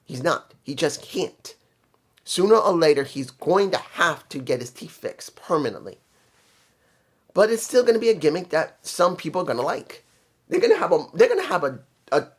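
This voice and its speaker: Male solo wrestling reviewer, slightly high voice, chatty and opinionated, thinks out loud. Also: big pitch swings, moderate pace, breathy edge. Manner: opinionated, thinking aloud with fillers and restarts. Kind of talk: casual solo commentary.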